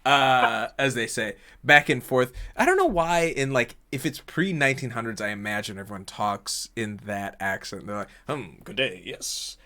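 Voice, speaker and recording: A man narrating as game master of a tabletop game, energetic and rambling with frequent fillers. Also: medium pitch, normal speed, hardly any pauses. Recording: online stream.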